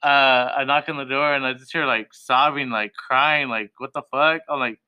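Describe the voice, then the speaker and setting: A man's voice: medium pitch, steady tone, normal speed, smooth, muffled recording. A young man, a tattoo artist guest, telling stories in a casual, profane, laid-back way with lots of laughter. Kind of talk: casual podcast storytelling.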